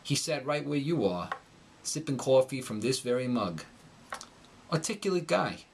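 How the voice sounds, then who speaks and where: A sardonic male tour guide with a New York accent, put on by a man reading aloud. He speaks dryly and deadpan, in a middle-pitched voice, with sudden upward lifts. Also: moderate pace, gravelly.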